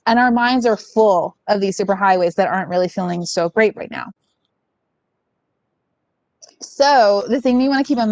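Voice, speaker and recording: A woman's voice: mid-range voice, dry recording, poor audio. A woman giving a casual, reassuring workshop talk over a video call and leading a guided breathing exercise, often checking in with "okay?". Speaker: union support presenter.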